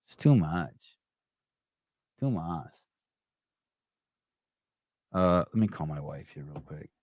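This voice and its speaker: A man hosts a casual podcast livestream, his voice sitting very low. He rambles wryly and swears freely. The sound is close and dry, with almost no room in it. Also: lively intonation, slow, darkish tone, no room sound. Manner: rambling, profane, wry. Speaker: podcast host.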